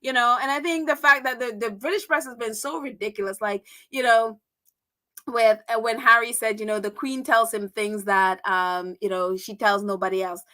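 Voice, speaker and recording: Bright-voiced chatty woman host. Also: fairly high pitch, fairly even intonation, moderate pace. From United States. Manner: chatty, laughs often, many fillers. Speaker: livestream host. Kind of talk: casual livestream commentary.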